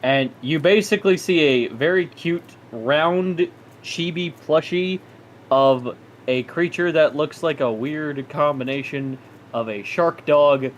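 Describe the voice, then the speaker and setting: A man running a tabletop game, narrating and bantering in a joking, relaxed way. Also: a little high, takes it slowly, a little hiss or hum. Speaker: game master.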